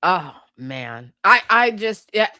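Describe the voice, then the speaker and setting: Fiery, profane woman with a lively voice. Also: medium pitch, takes it slowly, dry recording, clean studio sound. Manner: profane, fiery, laughs at herself. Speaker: podcast host. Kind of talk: heated political rant.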